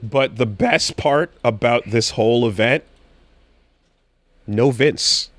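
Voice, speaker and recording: A man in loose podcast chat, recounting a live event with excitement and lots of swearing. His voice sits in a middle register and sounds dry and close to the mic, with no room around it. He jumps into loud quoted crowd cries as he tells it. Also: mid-range voice, takes it slowly, dry recording. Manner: excited storytelling, animated quotes, frequent swearing. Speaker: podcast co-host. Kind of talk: casual chat.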